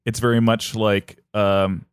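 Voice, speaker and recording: A man narrates a myth as a podcast host, his voice smooth and a little low. He slips into short voices for the characters. The sound is close and dry. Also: no room sound. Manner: animated, acts out characters in quick bits. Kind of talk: comedic storytelling chat.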